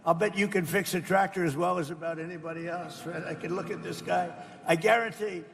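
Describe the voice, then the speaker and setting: A man's voice: high-pitched, steady tone, fairly quick, gravelly, a bit bright, long reverb tail. An older American man speaking off the cuff at a roundtable, rambling and boastful, repeating his phrases. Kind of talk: off-the-cuff speech. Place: indoor event hall.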